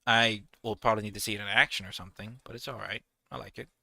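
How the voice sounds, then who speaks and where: Rambling young man with a bright voice. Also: on the low side, fairly even intonation, quick pace, gravelly, no room sound. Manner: rambling, rants animatedly. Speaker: gaming video creator. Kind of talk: casual gameplay commentary.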